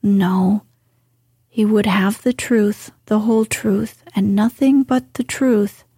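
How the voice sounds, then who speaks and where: A woman voicing a sulky, proud young gentleman in a soft, slow whispered role-play reading. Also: medium pitch, slightly rough, dry recording, studio quality.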